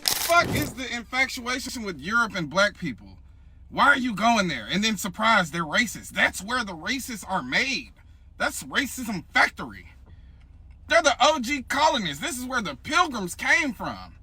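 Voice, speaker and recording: A man with a very high, sharp and bright voice rants in heated, profane bursts. He sounds worked up and cutting. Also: big pitch swings, moderate pace, breathy edge, dry recording. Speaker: commentator in a clip. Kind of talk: ranting commentary.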